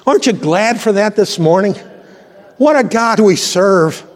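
A pastor preaching a sermon to his church, fervent and swelling to high exclamations. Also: expressive, measured pace. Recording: long reverb from a church hall.

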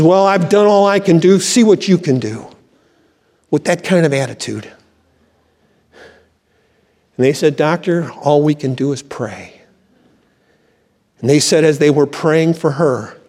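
An older male pastor preaches with fervor, breaking into cries of praise between stories. His voice sits a little high for a man. It rings out with a long reverb tail through the church. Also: a little mellow. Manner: fervent preaching with exclamations of praise. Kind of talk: sermon.

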